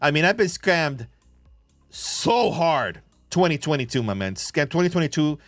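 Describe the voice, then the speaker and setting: A man hosting a crypto livestream, talking excitably and swearing as he gives rapid shout-outs to viewers, recorded on a phone. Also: a little high, no echo, soft background music. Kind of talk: casual livestream chat.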